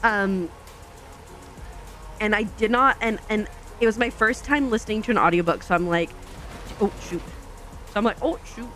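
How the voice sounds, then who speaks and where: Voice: mid-range voice, normal speed, long pauses, pushed and bright, faint music behind. Rambling, chatty gameplay host. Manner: rambling and chatty, many fillers and self-corrections; acts out own past thoughts in quoted asides. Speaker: gaming channel host. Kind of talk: casual chat while playing a truck driving game.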